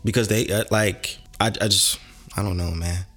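A man in casual podcast chat, animated and rambling, with lots of cursing. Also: lowish voice, moderate pace, music in the background.

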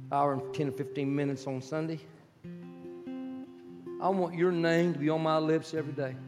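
A man in his sixties preaches to his congregation, his slightly high voice rising into urgent pleading before dropping to a hushed, prayerful softness. Gentle guitar plays beneath him, and his words ring out with a long reverb in a church sanctuary. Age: 60s. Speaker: pastor. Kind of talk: sermon. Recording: long hall reverb with guitar music behind. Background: soft guitar music.

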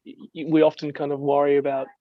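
A man's voice: fairly high pitch, completely flat delivery, brisk, dry recording, phone-quality sound. A man interviewing a guest, encouraging and thoughtful. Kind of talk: interview chat.

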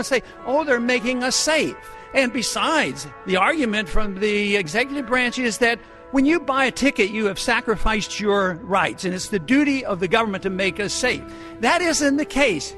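A politician makes an indignant, emphatic speech. His voice is notably high for a man. Music runs under the played clip.

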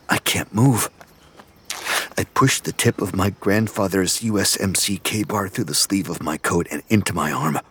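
An actor playing a delusional young male killer, narrating his hushed, obsessive inner monologue in an audio drama. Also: low-pitched, breathy edge, exaggerated voice. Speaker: first-person narrator.

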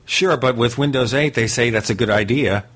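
A man's voice: mid-range voice, moderate pace, a bit bright. A man hosting a tech talk radio show, questioning his guest bluntly and reading ads himself. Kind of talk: radio interview and host-read ad.

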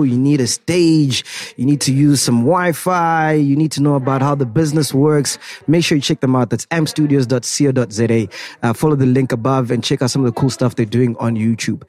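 A man hosting a podcast interview, chatty and quick to laugh. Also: medium pitch, steady tone, darkish tone. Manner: chatty, laughs easily, loose phrasing. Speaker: podcast host. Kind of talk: casual interview chat.

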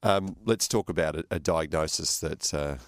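A man hosting a radio interview, attentive and quick with short affirmations. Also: rumbling low, no echo, clean studio sound. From Australia. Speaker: radio host.

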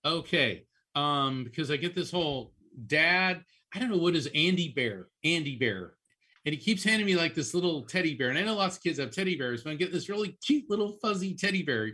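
A man who is a psychic medium, giving animated, chatty readings on a call-in show and often repeating names as he goes. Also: on the high side, brisk, breathy edge.

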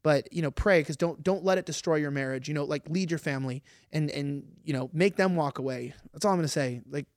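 A man's voice: fairly high pitch, fairly quick, hardly any pauses, dry recording, studio quality. A man co-hosting a podcast, chatting casually and rambling with lots of fillers. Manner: rambling, animated, many fillers. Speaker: podcast co-host. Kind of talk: casual live-stream chat.

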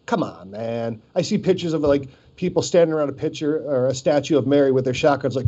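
Husky, mellow-voiced male podcast co-host. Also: mid-range voice, fast talker, few pauses. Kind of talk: casual chat. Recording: dull lo-fi podcast audio.

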